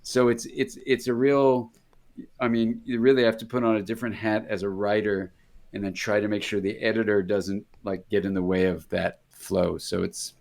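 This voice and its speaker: A man's voice: lowish voice, little pitch movement, moderate pace, gravelly, darkish tone. Older man telling rambling anecdotes. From United States. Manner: rambling, self-interrupting, acts out voices in anecdotes. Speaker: interview guest, psychiatrist. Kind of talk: casual conversational storytelling.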